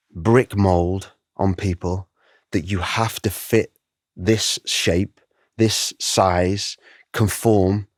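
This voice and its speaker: A middle-aged man, a guest artist, telling his story in an interview, animated and emotional, acting out the voices he quotes. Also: lowish voice, no room sound, studio quality.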